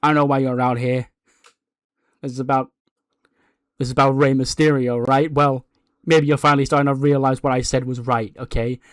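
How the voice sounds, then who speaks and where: A man's voice: medium pitch, level tone, normal speed, pauses often, no room sound, clean studio sound, lightly acted. A man voicing a brash, gloating male wrestling champion who cuts a boastful promo and talks down to his rivals. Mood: taunting. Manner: boastful, taunting, talks down to others.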